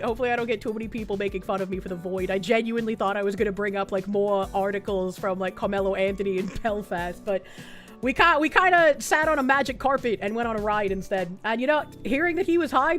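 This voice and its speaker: A woman with a Boston accent, chatting casually and profanely on a livestream as she thanks viewers, often laughing. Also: on the high side. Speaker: livestreamer reading chat. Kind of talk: casual stream chat.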